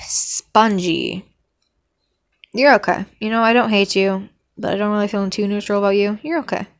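A vlogger ranking cartoon characters rambles casually through her opinions, trailing into hums and ums and now and then erupting in mock outrage. Her mid-range voice has little pitch movement, a quick pace, and a clean tone.

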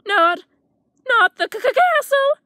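A woman's voice: very high voice, expressive, unhurried, pushed and bright, dry recording, studio quality, heavily acted. A woman voicing a timid, jittery male dragon who stammers and panics. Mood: panicky.

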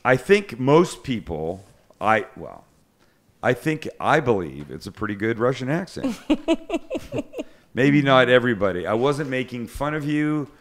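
A man's voice: medium pitch, sing-song, measured pace. A middle-aged man hosting a cooking show, telling stories in casual chat. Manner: chatty storyteller, self-deprecating.

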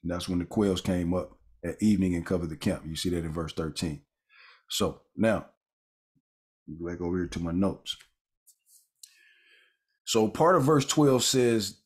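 The voice is a man's, fairly low, husky, and darkish in tone, moving at a normal pace. He's a Bible teacher whose chatty lesson slips into side comments with fillers and restarts, followed by scripture read aloud with key words stressed.

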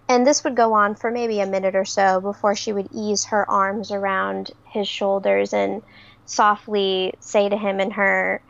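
A young woman describing her character's actions in a tabletop game, slow and hesitant with many pauses. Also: medium pitch, gravelly, a bit bright, dull audio. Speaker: player.

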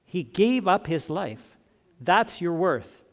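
Older guy pastor preaching, kinda high voice, big church echo. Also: big pitch swings, slow. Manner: earnest, rising to emphatic then dropping soft and tender. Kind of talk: sermon. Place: church sanctuary. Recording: long church reverb.

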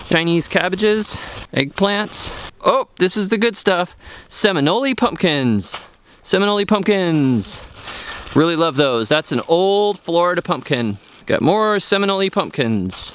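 A man's voice: high voice, a bit bright, slight background noise. A man chatting goofily and cheerfully in a casual vlog while planting seeds in an outdoor vegetable garden. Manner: chatty, goofy, upbeat. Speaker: gardening YouTuber.

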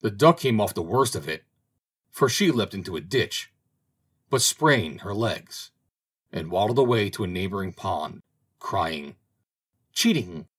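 Husky, expressive male storybook reader. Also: deep voice, a little slow. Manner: expressive, dramatic reading. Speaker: audiobook reader. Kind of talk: storybook narration.

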